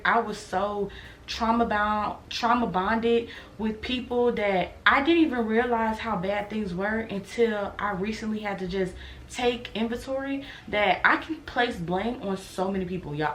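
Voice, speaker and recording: A woman in her twenties speaks frankly and reflectively to her viewers, like a confession on camera. Her voice sounds average in pitch, in a room with a noticeable echo. A faint hiss sits under it. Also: a bit bright. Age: 20s. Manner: earnest, reflective, talks straight to viewers. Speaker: vlogger. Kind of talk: candid sit-down vlog confession. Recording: roomy echo, faint noise.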